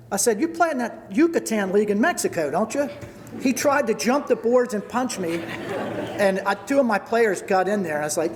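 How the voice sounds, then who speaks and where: A man's voice: high voice, slight background noise. Older man giving a speech in a reverberant hall. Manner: storytelling, thanking people by name. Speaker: retiring hockey coach. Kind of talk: retirement party speech. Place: large event hall.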